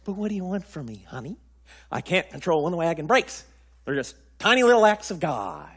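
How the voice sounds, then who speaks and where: A man's voice: fairly high pitch, very animated, fairly quick, fairly bright tone, breathy edge, full character voice. A man playing a sheepish, amorous pioneer husband in an improvised comedic role-play over a game, wheedling and bumbling. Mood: placating.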